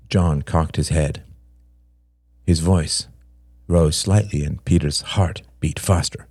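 A man reading a story aloud as narrator, in a measured, descriptive way. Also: extremely low pitch, fairly even intonation, darkish tone, breathy edge, dry recording, studio quality.

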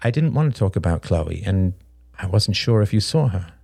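Brief: male narrator playing a guarded young man, earnest and halting, low-voiced. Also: lively intonation, vocal fry, darkish tone, no echo, studio quality, faint music behind, heavily acted. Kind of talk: audiobook character voice.

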